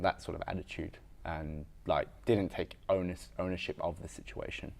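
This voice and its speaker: This is a very deep-voiced man telling his story as a podcast guest. He speaks frankly and reflectively. His talk is casual and full of fillers, with the odd swear word. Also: steady tone, moderate pace, vocal fry, a little mellow. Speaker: podcast guest, weightlifter and strength coach. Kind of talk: candid conversational storytelling.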